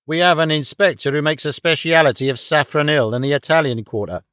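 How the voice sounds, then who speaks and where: A self-satisfied police inspector from a storybook mystery, talking briskly and pleased with his own theory, as a male reader puts him on. The voice sits a little high and the recording is dry and close. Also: a bit bright, no echo, close to an everyday voice. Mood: boastful.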